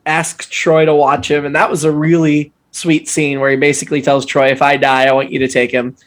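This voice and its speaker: A man's voice: on the high side, level tone, brisk. A man co-hosting a casual podcast discussion, talking animatedly and arguing his point firmly. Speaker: podcast co-host.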